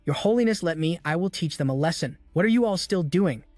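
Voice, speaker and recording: Furious domineering king, threatening, commanding, higher tone, faint music behind, man reading. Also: lively intonation, fairly quick, a little mellow, no room sound, close to an everyday voice.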